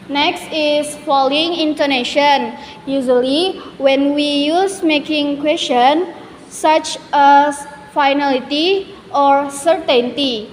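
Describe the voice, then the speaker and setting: High, slow-spoken young woman presenting. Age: young adult. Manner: careful, halting delivery with restarts. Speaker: student presenter. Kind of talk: classroom presentation. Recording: echoey hall, faint background noise.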